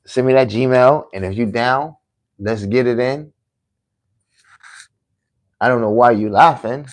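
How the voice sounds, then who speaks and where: Hosting his own podcast live, a man speaks at a measured pace in a mid-range voice, boasting, goading critics, and daring them to debate him.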